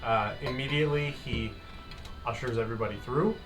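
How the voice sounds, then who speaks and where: A man's voice: medium pitch, brisk, music in the background. Male laid-back joking game master, distant mic. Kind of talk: running a tabletop game, casual chat.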